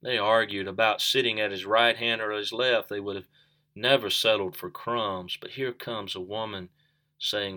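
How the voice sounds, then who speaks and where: A man's voice: lowish voice, fairly even intonation, moderate pace, bright, forceful tone. A man preaching a sermon, earnest, asking the listeners questions and repeating key phrases for emphasis.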